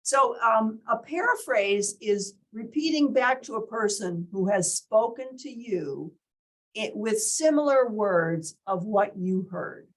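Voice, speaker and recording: A woman's voice: on the high side, animated, takes it slowly, low-quality recording. A woman leading a workshop in an indoor meeting room, teaching and quizzing the group, demonstrating different tones of voice. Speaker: workshop leader. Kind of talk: interactive teaching talk.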